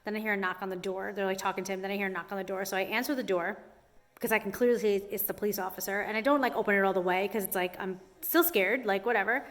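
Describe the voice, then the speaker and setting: Young woman vlogger, conversational storytelling, lots of "like", lively. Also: medium pitch, racing. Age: young adult. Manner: chatty, says "like" constantly, animated retelling. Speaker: hair salon owner. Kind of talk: casual storytime to camera.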